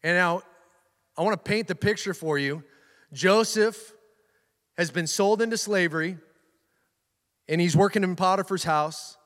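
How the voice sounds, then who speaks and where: A man's voice: high-pitched, a little slow, long pauses, a bit bright. A pastor preaching a conversational sermon to his congregation, stopping and restarting, with frequent asides to the listeners. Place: church sanctuary. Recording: long hall reverb.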